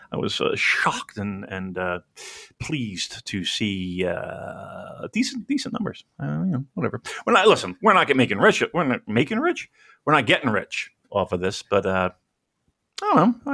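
A man's voice: on the low side, fairly bright tone. A man co-hosting a casual comedy podcast, rambling, swearing freely and laughing at his own jokes. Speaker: podcast co-host.

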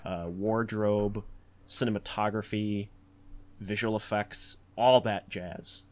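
A man hosting a casual podcast talk about films, rambling with many fillers and restarts, and growing animated as he talks. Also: lowish voice, slow pace. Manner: animated, acts out quotes in a raised voice. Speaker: podcast host. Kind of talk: casual film discussion.

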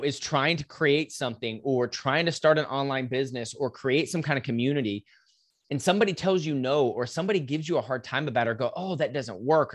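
Man, podcast guest, energetic motivational storyteller, casual and blunt. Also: mid-range voice. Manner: animated, casual, swears, mimics voices in anecdotes.

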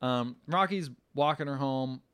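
A man's voice: mid-range voice, very noisy. A man co-hosting a casual podcast, retelling movie scenes and briefly mimicking the characters as he goes. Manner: retells scenes with quick put-on voices for characters, lively and joking. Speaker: podcast co-host recapping a movie. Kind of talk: casual chat.

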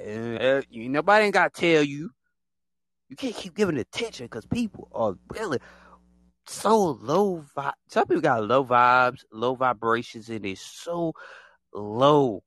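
A man hosting a casual monologue, talking in an animated, repetitive way and acting out other people in quick put-on voices. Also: medium pitch, no room sound. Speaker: podcast host.

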